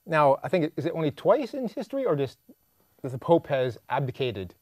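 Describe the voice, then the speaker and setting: A man's voice: fairly high pitch, very animated, brisk, dry recording. A man co-hosting a podcast, chatting casually and asking lots of curious questions, laughing easily. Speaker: podcast co-host. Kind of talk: casual chat.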